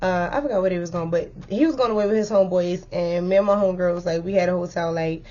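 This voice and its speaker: A young woman chatting through a storytime vlog, animated and full of fillers, on a dull lo-fi recording. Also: lowish voice, quick pace. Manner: chatty and animated, filler-heavy, lively retelling.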